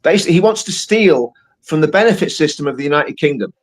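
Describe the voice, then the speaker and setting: A man's voice: fairly high pitch, lively intonation, fast. A man on a live stream panel, talking heatedly, making accusations and repeating his points. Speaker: panel guest.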